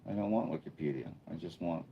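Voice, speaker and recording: A man hosting a casual live stream from an indoor room lit by a bright studio light, chatting and thinking aloud as he reads viewer comments. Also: sits low, fast talker, lo-fi sound, a little hiss or hum. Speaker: livestreamer.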